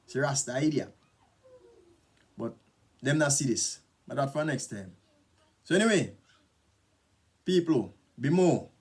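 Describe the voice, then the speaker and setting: A man with a Jamaican accent speaking in a medium-pitched voice, talking straight to camera like an easy vlog monologue. His delivery is relaxed and conversational, blending patois into English and checking in with the listener as he goes. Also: unhurried, long pauses, breathy edge. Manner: relaxed, chatty, mixes patois into English, frequent tag questions. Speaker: vlogger. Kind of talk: casual spoken monologue to camera.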